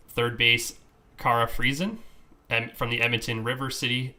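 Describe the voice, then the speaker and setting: A man co-hosts a podcast with a bright, forceful voice. He speaks in an easygoing way and reads out lists with the odd stumble. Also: mid-range voice, little pitch movement, normal speed. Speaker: podcast co-host. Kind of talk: casual podcast chat.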